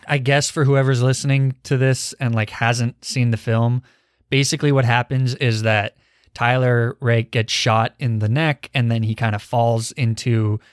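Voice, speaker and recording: A man's voice: medium pitch, steady tone, a little slow, no room sound. Young man hosting a dry film chat. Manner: leads the discussion, poses questions; candid, swears casually. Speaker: podcast host. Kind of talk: casual film review chat.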